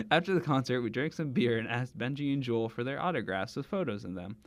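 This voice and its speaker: A man's voice: medium pitch, expressive, a little fast, dry recording. A young man hosting a comedy read-through of fan fiction, giggling and stumbling over names with chatty asides. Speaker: host reading fan fiction aloud.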